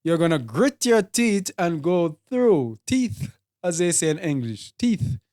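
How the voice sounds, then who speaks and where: A Bible teacher with a Jamaican accent preaching a sermon, speaking deliberately and repeating and listing words for emphasis. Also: mid-range voice, very animated, darkish tone.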